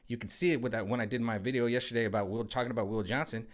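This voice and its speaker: A man talks straight to his own mic in a hot room at home, sweating but pressing on. His rant is loose and slangy, and he keeps circling back to the same catchphrases. His pitch sits in the middle range. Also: fairly even intonation, very fast. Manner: rambling, slangy, repeats "you know what I'm saying". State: sweating in the heat. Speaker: vlogger. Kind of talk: casual political rant.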